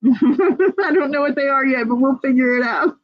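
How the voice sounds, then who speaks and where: A woman's voice: high voice, a little slow, no room sound, dull audio. A woman hosting a casual livestream, chatting, laughing often and reading viewer comments aloud. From United States. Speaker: livestream host.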